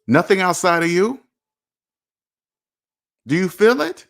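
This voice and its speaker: A man with a high, gravelly, fairly bright voice speaks slowly and expressively. He hosts a personal finance channel and addresses viewers directly in a preachy, repetitive, emphatic motivational livestream.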